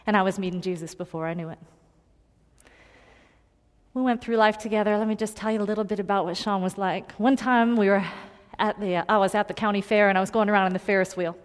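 A woman preaching a personal story in a sermon, earnest and confiding, moving between loud emphasis and hushed tones. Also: mid-range voice, fairly even intonation, fast. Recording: long hall reverb.

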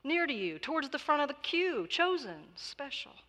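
Woman doing a pilgrim begging god, pitched up and urgent, hall echo. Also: sing-song, moderate pace, a bit bright. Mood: pleading. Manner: raised, urgent, pleading. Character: eager pleading pilgrim seeking closeness to God. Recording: long reverb of a large hall.

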